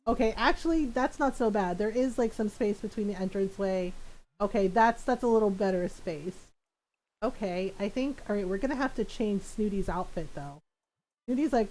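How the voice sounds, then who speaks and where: A young woman streams a game and chats casually, telling a story and laughing often, sometimes muttering quietly as she decorates in the game. Her voice is fairly high and her pace moderate, and the recording quality is low.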